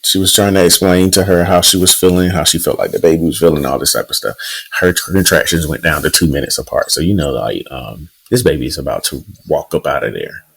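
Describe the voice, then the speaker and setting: गहरी आवाज़ वाला पुरुष पॉडकास्ट होस्ट. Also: male voice, a bass voice, a little fast, creaky, slightly rough, low-quality recording. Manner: relaxed storytelling with fillers. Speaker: podcast co-host. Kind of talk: casual chat.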